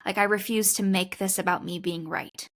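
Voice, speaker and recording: A woman hosts a podcast and talks through a personal story in a relaxed, conversational way. Her voice sits at an ordinary middle pitch, and she speaks earnestly and reflectively, often quoting her own past thoughts. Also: moderate pace. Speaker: podcast host.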